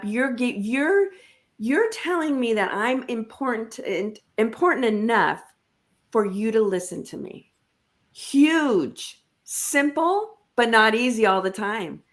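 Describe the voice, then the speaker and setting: A woman talking about leadership in a conversational interview, emphatic and coaching, with animated asides. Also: fairly high pitch, measured pace.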